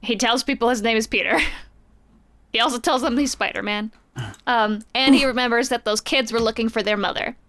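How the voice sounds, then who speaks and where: A woman's voice: on the high side, fairly quick, fairly bright tone. A woman casually recapping a comic book story on a podcast, chatty and playful, slipping quoted lines into her retelling. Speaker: podcast co-host.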